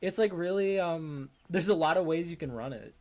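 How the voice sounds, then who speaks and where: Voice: medium pitch, moderate pace, a crowd in the background. A channel host in casual chat, joking around with crude humor and frequent giggles.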